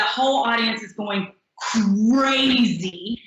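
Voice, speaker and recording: A young woman singer-songwriter tells her stories with lively, upbeat energy, slipping into little voices when she quotes people. Her tone is bright and a bit high, and the room around her rings with strong echo. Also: normal speed. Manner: animated, acts out quotes, upbeat. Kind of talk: casual storytelling interview. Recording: echoey room.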